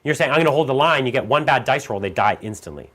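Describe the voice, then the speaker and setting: On a casual live stream, an animated man who is both player and commentator walks viewers through the game rules and the tabletop. He speaks fast in a mid-range voice.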